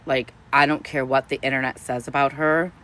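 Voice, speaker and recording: A woman's voice: a bass voice, steady tone, normal speed, a bit bright. Gushing, foul-mouthed woman chatting. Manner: profane, effusive, gushing. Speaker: streamer. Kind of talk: casual livestream chat.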